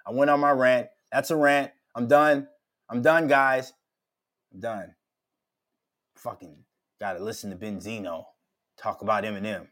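A man's voice: mid-range voice, fairly even intonation, a little slow, long pauses. A middle-aged man from Minnesota hosting a podcast, ranting casually with lots of profanity and heated outbursts. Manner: profane, heated, loud rants. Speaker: podcast host.

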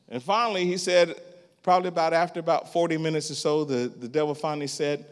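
A man preaching in a church, his voice on the higher side and trailing off into a long reverb. He tells a story and keeps breaking into loud, rhythmic bursts of laughter. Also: brisk. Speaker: guest preacher. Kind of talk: sermon. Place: church sanctuary.

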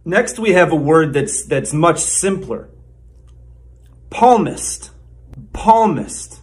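A man doing a mock lesson for children, slowly spelling out made-up words like a patient teacher. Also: fairly high pitch, expressive. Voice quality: slow, exaggerated teacher-like enunciation. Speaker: comedy sketch narrator.

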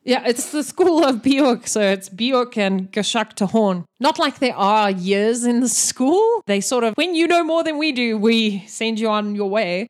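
A woman narrating a tabletop game as game master, chatty and laughing. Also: medium pitch.

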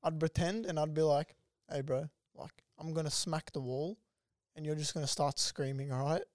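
A man's voice: a little high, steady tone, moderate pace, no room sound, clean studio sound. A young man, a podcast co-host, telling blunt, profane stories in casual chat.

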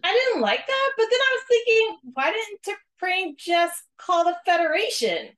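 A woman with a very high, lively voice co-hosts a casual podcast. She talks slowly and emphatically, laughing as she goes. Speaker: podcast co-host. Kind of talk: casual chat reviewing a TV episode.

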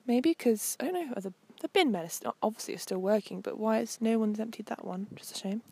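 A woman's voice: on the high side, animated, fairly quick, a little mellow, slightly rough. A young woman hosting a walk, narrating casually outdoors on a coastal path in a chatty, meandering way with frequent ums. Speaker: host. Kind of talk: casual narration while walking.

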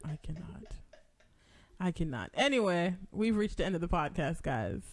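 A man's voice: high-pitched, sing-song, normal speed. A man hosting a podcast in casual chat, upbeat and often laughing. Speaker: podcast host.

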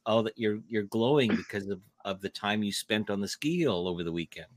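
A man's voice: fairly low pitch, brisk. A man with a Canadian accent co-hosting a podcast, chatting in a friendly, joking way. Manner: friendly, joking, restarts words. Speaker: podcast co-host. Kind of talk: casual chat.

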